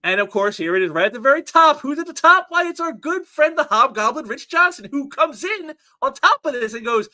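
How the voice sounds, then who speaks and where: A man's voice: very high voice, sing-song, brisk, few pauses, bright, forceful tone. A man hosting a casual commentary show, reading out online posts and mocking them sarcastically, often repeating his words. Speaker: commentary channel host.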